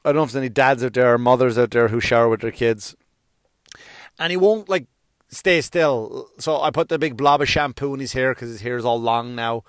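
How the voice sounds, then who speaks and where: A man's voice: mid-range voice, a little fast, clean tone, dry recording, studio quality. A middle-aged man hosting his own podcast, rambling through a comedic monologue with self-deprecating asides and sudden sung outbursts. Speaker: podcast host. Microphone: podcast microphone.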